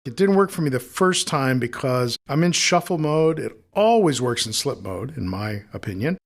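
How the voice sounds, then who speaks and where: A man teaching audio editing in a screen-recorded tutorial, thinking aloud in a relaxed, explanatory way as he demonstrates each step. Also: medium pitch, moderate pace, gravelly.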